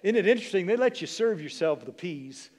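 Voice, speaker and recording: A man's voice: high-pitched, animated, a little fast, darkish tone, long reverb tail. A man in his sixties preaching a sermon as pastor, emphatic, with repeated phrases and rhetorical questions to the congregation. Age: 60s. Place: church sanctuary.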